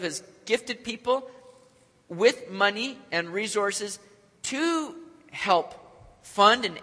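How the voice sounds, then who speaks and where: A man's voice: high voice, sharp tone. A man preaching a sermon with energy and joking with the congregation. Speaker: pastor. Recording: long hall reverb.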